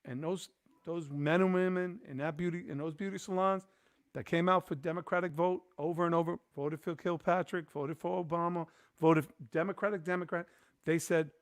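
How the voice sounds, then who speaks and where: A man's voice: fairly high pitch, normal speed, dry recording, clean studio sound. A man hosting a podcast who tells a story in casual chat, acting out the voices of the people he quotes. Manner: animated, acts out quoted voices. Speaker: podcast host.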